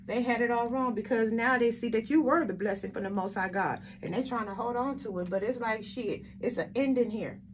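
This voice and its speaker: Her voice is a little high and brisk, with few pauses, as she reads tarot for her audience, with a bit of background noise. She's emphatic and blunt, cursing frequently and repeating rhetorical questions.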